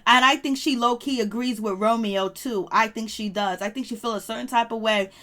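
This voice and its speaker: A woman with a fairly high voice talks through a reality-show episode, chatty and gossipy. She speaks casually to her viewers and slips into acted-out bits of what the cast said. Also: fairly even intonation, fairly quick, fairly bright tone. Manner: chatty, gossipy, acts out quoted lines. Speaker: reality TV recap vlogger.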